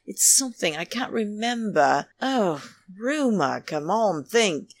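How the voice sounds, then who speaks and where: A woman's voice: medium pitch, big pitch swings, slow pace. A woman hosting a casual, rambling podcast monologue from home, chatty and theatrical, who keeps calling her listeners darlings. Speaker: podcast host. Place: home, New York.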